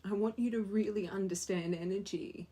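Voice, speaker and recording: A young woman with a husky, slightly breathy voice gives a heartfelt tarot reading to her viewers. She talks earnestly and with feeling, repeating key phrases to drive them home. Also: medium pitch, steady tone, moderate pace, warm tone. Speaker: tarot reader.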